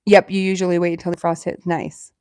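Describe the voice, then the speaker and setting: Fast-talking woman with a Southern Alabama accent. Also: lowish voice, level tone, a little mellow, clean tone, dry recording. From Alabama, USA. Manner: talks fast and slurs words together; chatty and self-deprecating. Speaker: livestream host. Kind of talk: casual live-stream chat with viewers.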